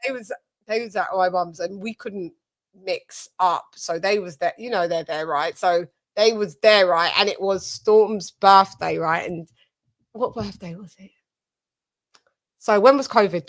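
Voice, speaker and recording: A woman's voice: mid-range voice, measured pace. Chatty British woman spinning stories. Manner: rambling, swearing family anecdotes. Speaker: live stream host. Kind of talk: casual chat.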